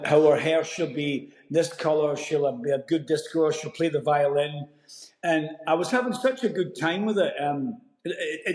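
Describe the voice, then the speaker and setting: A Scottish man, an actor, telling a story in a casual interview, lively and full of restarts. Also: a little high. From Scotland. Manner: animated storyteller, many restarts. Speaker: actor guest. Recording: roomy echo.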